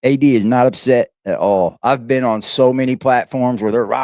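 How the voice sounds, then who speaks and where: Male reaction streamer, rambling and emphatic, mid-pitched, dry close sound. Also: moderate pace, hardly any pauses, darkish tone, no room sound. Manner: rambling, repetitive, emphatic with swearing. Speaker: reaction livestream host. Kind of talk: casual livestream commentary.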